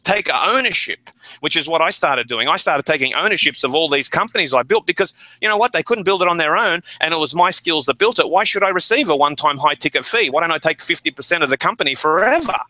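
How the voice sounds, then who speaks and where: An animated male guest who drops into the voices of the people he quotes as he tells his stories. His voice sits a little high and sounds strikingly bright and forceful. The recording is close and dry. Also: fast, no room sound, low-quality recording. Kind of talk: energetic storytelling.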